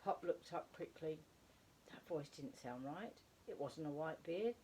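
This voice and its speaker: A woman reading a children's story aloud with expressive delivery, slowing for emphasis. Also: sits low, slight background noise.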